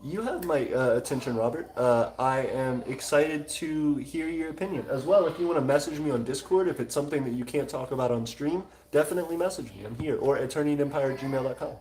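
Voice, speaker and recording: A man's voice: medium pitch, fast, hardly any pauses, a little mellow. A man hosting a casual livestream, chatting easily with viewers and thanking them, with lots of fillers. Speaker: livestream host.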